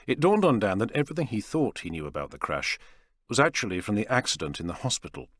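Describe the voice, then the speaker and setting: A man with a lowish voice narrates a dystopian science fiction audiobook from a script, in a measured, even storytelling manner. The studio recording is clean, with no room sound.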